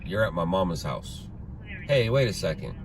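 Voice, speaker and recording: A man's voice: low-pitched, lively intonation, normal speed. A man chatting and joking with viewers of his live stream as he drives, talking into his phone inside his car. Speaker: news videographer and livestreamer. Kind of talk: casual live-stream chat while driving. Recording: loud traffic noise behind.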